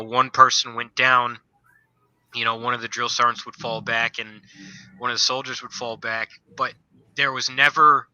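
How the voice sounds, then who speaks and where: A man's voice: mid-range voice, pushed and bright, no room sound, lo-fi sound. A man, a former soldier, telling stories from basic training in a casual podcast chat, rambling and leaning on filler phrases. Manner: rambling storyteller, leans on "you know".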